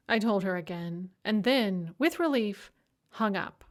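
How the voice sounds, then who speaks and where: A woman narrating a first-person audiobook with a dry, wry delivery and hesitant pauses. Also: mid-range voice, lively intonation.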